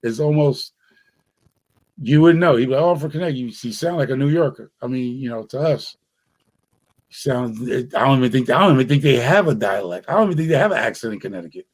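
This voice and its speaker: A man's voice: medium pitch, lively intonation, fairly quick. Laid-back New man chatting. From New York City. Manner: rambling, laid-back, slangy. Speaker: podcast host. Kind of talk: casual chat.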